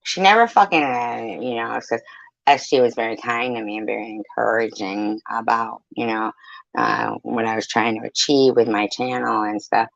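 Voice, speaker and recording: Gravelly woman ranting bluntly. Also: rumbling low, steady tone, moderate pace, no room sound. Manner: blunt, profane, heated. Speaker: streamer. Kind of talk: livestream rant to viewers. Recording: dull, lo-fi, dry mic.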